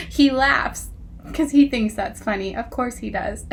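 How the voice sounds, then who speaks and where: A woman's voice: fairly high pitch, slow, slight background noise. A woman casually reviewing a book, reading passages aloud and mocking them with exasperated, sarcastic asides and frequent laughter.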